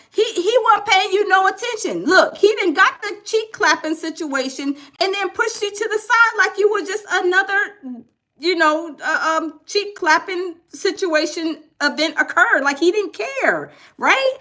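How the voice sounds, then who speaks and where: A woman hosting a gossip reaction show, animated and laughing as she talks straight to her viewers. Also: extremely high pitch, unhurried. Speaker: commentary host.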